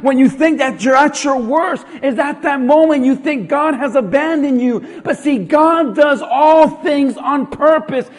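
A man's voice: very high-pitched, in a large hall. A male pastor preaching a sermon, putting rhetorical questions to his congregation and building in intensity.

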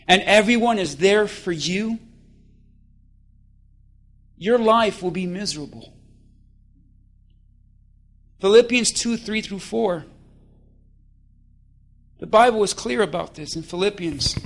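A man preaching a lively, playful sermon in church, calling for responses and acting out voices. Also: sits high. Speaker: pastor.

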